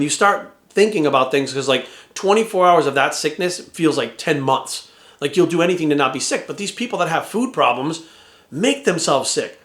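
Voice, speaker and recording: Guy coach ranting about food, cusses a lot, kinda high voice, echoey room. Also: animated, brisk, fairly bright tone. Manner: blunt, heavy swearing, rhetorical questions. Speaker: fitness coach. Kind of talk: profane casual rant to camera.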